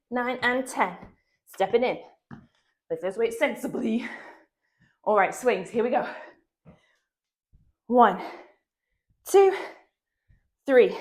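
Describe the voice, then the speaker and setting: Her voice on the high side and animated, a woman instructor takes it slowly through a dumbbell routine, pausing often. She has a cold with a slight cough, yet keeps up upbeat counting and frequent laughter.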